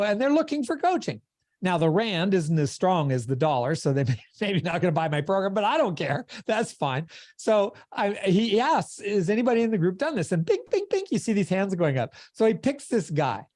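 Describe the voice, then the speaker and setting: A man's voice: high voice, very animated, normal speed, darkish tone, no echo, clean studio sound. A man giving a motivational coaching talk on a video call, with an emphatic, preacher-like cadence. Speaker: sales coach.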